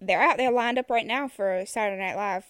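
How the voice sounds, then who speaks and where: Excitable woman co-host. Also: medium pitch, fairly quick, no echo. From Southern US. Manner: excitable, giggly, swears casually. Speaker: podcast co-host. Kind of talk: casual chat.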